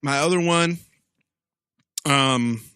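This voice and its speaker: Bright-voiced man, crude podcast co-host. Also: on the high side, clear, resonant tone, no echo, studio quality. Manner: crude joking, drawn-out rambling. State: sick on cold medicine. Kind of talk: casual podcast banter.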